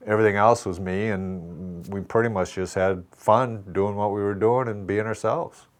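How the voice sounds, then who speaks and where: A man in his sixties from Minnesota with a very low, deep voice spins loose, self-mocking stories in an interview. He tells them casually and acts out bits of dialogue. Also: steady tone, moderate pace. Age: 60s. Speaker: former hockey player and actor, guest. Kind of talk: casual anecdotal storytelling.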